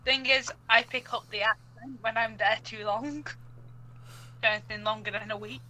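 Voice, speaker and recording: A woman's voice: fairly high pitch, fairly even intonation, normal speed, sharp tone, low-quality recording. A woman chatting casually on a stream, blunt and sweary in her banter. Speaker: stream guest. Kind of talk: casual chat.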